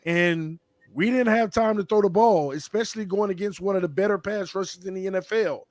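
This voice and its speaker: A roundtable panelist with a somewhat raised pitch and a hoarse edge, making his case in fast, slangy bursts. The sound is dry and close, with no room around it. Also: no room sound. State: losing his voice. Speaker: roundtable panelist, team fan. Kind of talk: casual sports debate.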